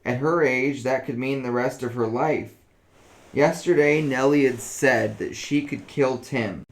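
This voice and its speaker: A man narrating a story aloud in a relaxed, casual reading voice. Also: medium pitch, unhurried, low-quality recording.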